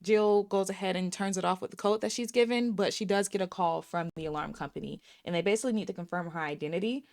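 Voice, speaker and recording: A woman's voice: mid-range voice, fast, few pauses, darkish tone. A woman in her thirties recapping and reviewing a film in a casual, sassy way, talking straight to her viewers. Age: 30s. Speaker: movie reviewer.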